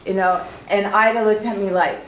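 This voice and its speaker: A woman's voice: mid-range voice, fairly even intonation, moderate pace, a little hiss or hum. A woman speaking at a memorial, telling tender personal stories and laughing at fond memories. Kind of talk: personal storytelling. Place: memorial gathering room. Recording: echoey room from a distance.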